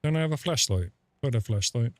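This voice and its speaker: A man's voice: medium pitch, animated, fairly quick, dry recording. A man chatting casually on a game stream, telling rambling, sweary stories full of fillers. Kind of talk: casual live-stream chat.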